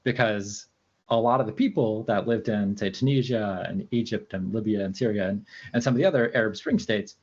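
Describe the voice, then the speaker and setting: A man's voice: lowish voice, a little fast, a little mellow, husky, dull audio. A man being interviewed as a researcher, talking casually and hesitantly, with lots of fillers and restarts. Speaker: researcher guest.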